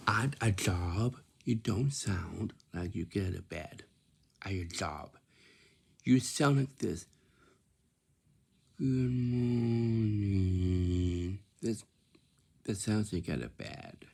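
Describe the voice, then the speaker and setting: A man gives plain job-hunting advice in a slow, halting way, often restarting and repeating his phrases. His voice is low, gravelly and husky. He talks casually to the camera in simple words. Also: big pitch swings, a little mellow. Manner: simple, plain wording, lecturing tone.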